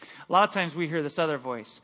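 Male pastor, middle-aged, high voice, animated sermon delivery that rises and drops in volume. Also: brisk. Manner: animated preaching, swinging from loud to hushed. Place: church sanctuary.

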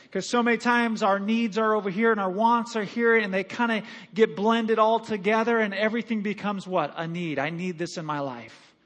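A man's voice: sits high, fairly bright tone. A male pastor preaching a sermon, emphatic, repeating phrases and calling on the congregation to respond.

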